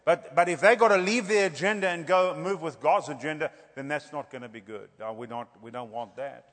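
A middle-aged man preaching a lively revival sermon, jumping between loud declarations and quiet joking asides. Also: on the high side, brisk. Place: large church hall. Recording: church hall with long reverb.

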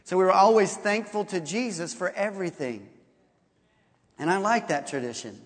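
A man with a high voice tells a story as a sermon, playing out each line of talk and laughing as he goes. His voice carries through a large hall with a long reverb. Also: moderate pace. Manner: animated, laughing often, acts out quotes. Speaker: pastor.

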